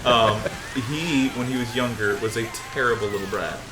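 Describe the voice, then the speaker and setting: A man's voice: mid-range voice, moderate pace, echoey room, noisy background. A young man co-hosting a gaming video, rambling through a funny story and laughing often. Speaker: co-host of a gaming channel. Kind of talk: casual chat over gameplay.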